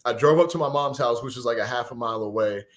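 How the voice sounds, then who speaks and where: A man in his forties from Texas tells a personal story as a podcast guest. His voice sits at a middling pitch, and his delivery is animated, earnest and emotional. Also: fast. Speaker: podcast guest, former pro football player. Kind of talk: conversational storytelling.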